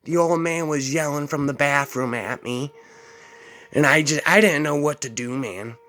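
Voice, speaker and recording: A man's voice: medium pitch, a little slow, pushed and bright. A man telling a rambling personal story casually, dropping "man" between phrases. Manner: rambling, drawls, fillers like "man".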